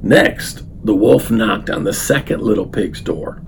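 Older man, deep gravelly voice, slow, unhurried storytelling. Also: expressive, slight background noise. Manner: unhurried, many fillers, warm storytelling. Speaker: speaker reading a story to his grandchild. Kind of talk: story reading then reflective talk.

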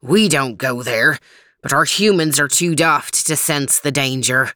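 A woman's voice: rumbling low, unhurried, bright, forceful tone, dry recording, studio quality, voice pushed down, exaggerated voice. A woman voicing an anxious, loyal male dog with a Scottish accent who talks in homely dialect, for a storybook. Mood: worried. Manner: homely dialect, earnest pleading.

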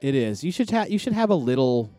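A man's voice: mid-range voice, sing-song, fast, dark tone, dry recording, faint music behind. A man hosting a podcast, chatting loosely and rambling with lots of fillers and restarts. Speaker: podcast host. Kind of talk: casual podcast chat.

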